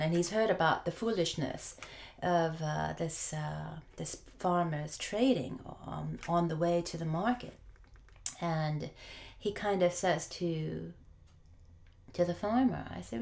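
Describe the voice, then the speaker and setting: A woman preacher telling a folk tale in a sermon, unhurried and often pausing with fillers. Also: on the low side, creaky. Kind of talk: sermon storytelling.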